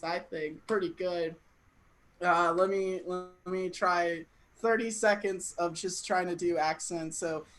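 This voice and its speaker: A woman's voice: a little high, a bit bright, rough recording. A woman hosting an online comedy show, joking and self-deprecating, laughing often. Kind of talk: casual stand-up hosting.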